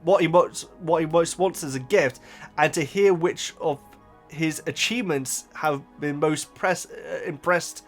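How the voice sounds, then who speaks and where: A man's voice: on the high side, unhurried, soft background music. A man chatting casually as a YouTuber answering viewer comments, often stumbling and correcting himself. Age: adult. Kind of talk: casual reaction chat.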